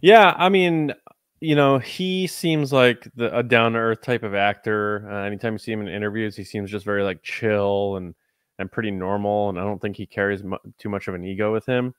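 A man's voice: lowish voice, fairly even intonation, normal speed, clean tone, no echo, clean studio sound. A man co-hosting a podcast in casual chat, rambling with many likes and restarts. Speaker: podcast co-host.

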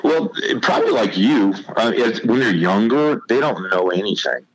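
A man's voice: lowish voice, expressive, moderate pace, a little hiss or hum, poor audio. A man in his fifties, a podcast guest, telling stories in a folksy, drawling way. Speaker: podcast guest, former college football player. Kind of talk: casual storytelling.

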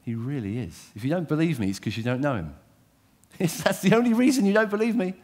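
This fast-talking man preaches in a voice on the high side. His sermon is lively and direct, full of questions for his audience, and it swings from loud to quietly intense.

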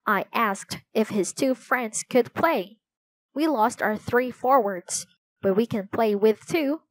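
A woman's voice: a little high, takes it slowly, no room sound. A woman reading aloud voices an older boy who leads a neighborhood team, calling out in a brash way.

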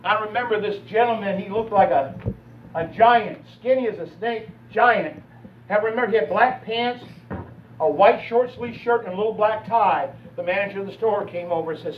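A man's voice: high voice, moderate pace, slight background noise. A man pastor preaching a sermon, telling personal stories in a conversational way. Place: church sanctuary. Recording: echoey church hall from a distance, dull.

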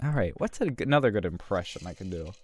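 A man's voice: sits low, expressive, fast talker, darkish tone. A man and gaming YouTuber making casual, self-amused asides over gameplay, often mumbling.

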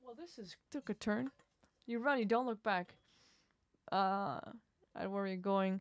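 A woman's voice: medium pitch, unhurried. A woman playing a story game, reading its narration expressively and breaking off for wry comments. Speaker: game streamer.

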